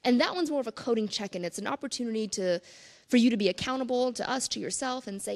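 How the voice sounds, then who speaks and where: A woman's voice: fairly high pitch, fast talker. A woman giving a conference talk on stage, telling stories with playful asides and quoted exchanges. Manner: animated storytelling with playful asides. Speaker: conference speaker.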